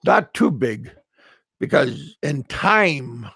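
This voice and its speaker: Here an American expat vlogger in middle age delivers a rambling, funny monologue, stammering, repeating words and chuckling a lot. His mid-range voice is gravelly, husky, bright and forceful, very animated, and he draws out his words. No echo is audible.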